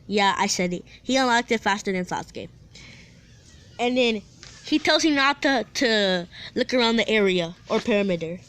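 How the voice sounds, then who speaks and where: A woman with a slightly high voice casually tells a fan-fiction story to her viewers. She rambles, restarts her sentences often, and drops playful asides as she goes. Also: fairly bright tone, clean tone.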